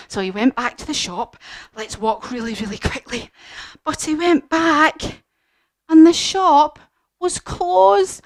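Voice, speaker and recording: A woman's voice: high voice, takes it slowly, no echo, studio quality. A woman leading a children's yoga class through a story, singsong and encouraging.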